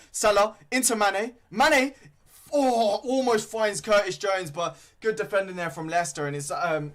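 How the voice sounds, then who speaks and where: Young man, slangy live fan commentary, high voice, excitable. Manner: excitable, slangy, bursts into shouting at goals. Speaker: fan commentator streaming a watchalong.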